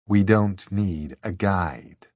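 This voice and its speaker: A man's voice: deep voice, extremely slow, no echo, studio quality, full character voice. A man voicing a cool, unimpressed woman who answers curtly. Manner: curt, flat.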